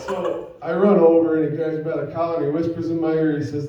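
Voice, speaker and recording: A man's voice: fairly high pitch, fairly even intonation, fast talker, few pauses, dark tone, very echoey, far from the mic, slight background noise, low-quality recording. A man doing a stand-up comedy set, telling a rambling story full of fillers and crude punchlines. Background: audience laughter.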